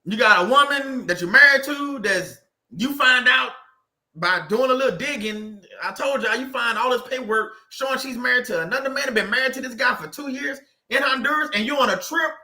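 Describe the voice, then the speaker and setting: High, bright-voiced man preaching to his chat. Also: a little fast, roomy sound. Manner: emphatic, repeats phrases, reads out viewer comments. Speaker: faith channel host. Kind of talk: casual preaching to a live chat. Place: indoor room at a desk.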